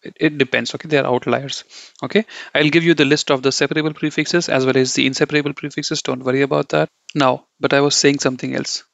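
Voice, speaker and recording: A man explains German grammar to learners in a loose, repetitive way, saying "okay" and "you know" a lot and correcting himself mid-sentence. His medium-pitched voice is fast, fairly bright, and fry-tinged, with little pitch movement, on dull, dry lo-fi audio without echo.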